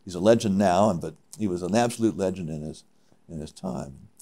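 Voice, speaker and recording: Older male climber, deep-voiced, spins lively anecdotes with stop-start phrasing. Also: a crowd in the background. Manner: animated storyteller with halting restarts. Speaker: interviewee, mountaineer. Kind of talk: reminiscing interview.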